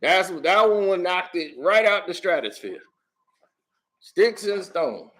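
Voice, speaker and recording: An excitable man chatting on a casual stream, jumping from one topic to the next and laughing often. His voice is bright and forceful. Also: high-pitched, slow. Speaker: comedian and channel host. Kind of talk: casual livestream chat.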